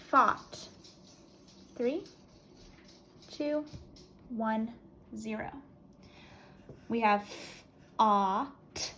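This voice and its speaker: A woman teacher dictates spelling words in a slightly raised, patient voice, taking her time over every sound. She counts down calmly before checking the letters with her class. A faint hiss sits under the recording. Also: fairly high pitch, low-quality recording. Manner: slow, clear, deliberate word-by-word dictation with countdowns.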